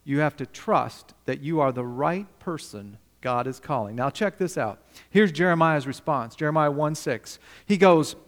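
A male pastor preaching a sermon, emphatic, questioning the congregation and swinging between loud and quiet. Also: a little high, moderate pace, long reverb tail.

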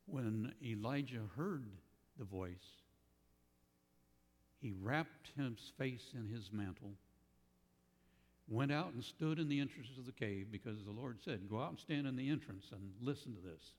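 A man preaching a sermon in a slow, thoughtful way, pausing often and restarting his phrases. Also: medium pitch, lively intonation, darkish tone, in a large hall.

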